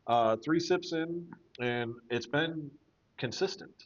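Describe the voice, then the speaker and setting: A man's voice: a little high, slow. A man co-hosting a casual podcast tasting, who drops playful asides. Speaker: podcast co-host. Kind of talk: casual chat. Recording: dull lo-fi audio.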